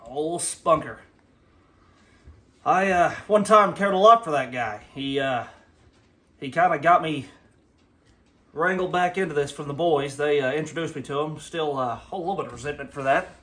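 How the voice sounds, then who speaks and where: A man's voice: fairly high pitch, normal speed, pauses often, pushed and bright. A man playing a male wrestling coach who rambles with lots of "uh" fillers and slides into boastful threats in a comedy sketch. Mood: resentful.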